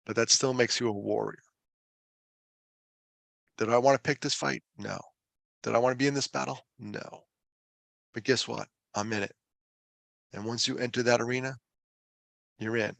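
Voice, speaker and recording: A man with a middle-pitched, gravelly voice tells his story conversationally, mixing self-deprecating jokes with earnest, emphatic points. The sound is dry and close. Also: moderate pace, pauses often, dry recording. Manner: animated, self-deprecating humor with laughs; earnest and emphatic when driving a point home. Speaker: foundation director and suicide prevention speaker.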